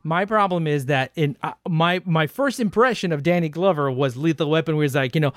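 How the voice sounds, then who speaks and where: A man co-hosting a casual film chat, animated and profane, often jumping up into high, disbelieving tones. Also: a little fast, few pauses, no room sound, studio quality. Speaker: podcast co-host.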